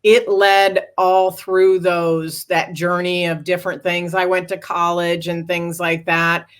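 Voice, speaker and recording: A woman's voice: fairly low pitch, takes it slowly, clear, resonant tone. Earnest woman telling her story. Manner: earnest, animated retelling with acted quotes. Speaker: guest, author and speaker. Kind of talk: conversational interview storytelling.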